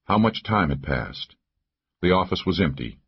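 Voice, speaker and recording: A man narrating a first-person thriller audiobook in a steady, measured way. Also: low voice, breathy edge, highs cut off.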